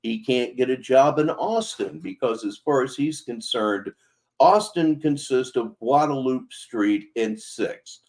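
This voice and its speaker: A man hosting a commentary show, mocking the clips in a sardonic, drawn-out way. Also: medium pitch, darkish tone. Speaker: commentary channel host.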